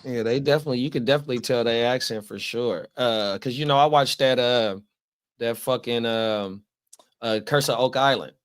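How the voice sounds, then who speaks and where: A man's voice: medium pitch, normal speed, clean tone. A man co-hosting a casual podcast, laid-back and slangy, who reads out viewer comments. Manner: laid-back, slang-heavy, repeats affirmations. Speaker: co-host reading chat comments.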